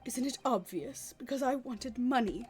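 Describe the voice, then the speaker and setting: A woman voicing a bitter, ambitious man who confesses his crimes in a steady, measured reading. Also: sits high, lightly acted. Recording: faint music behind.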